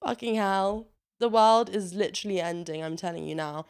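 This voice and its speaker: A young woman hosting a casual solo podcast, chatty and sweary, laughing often and getting animated when she rants. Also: mid-range voice, normal speed, smooth. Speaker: podcast host.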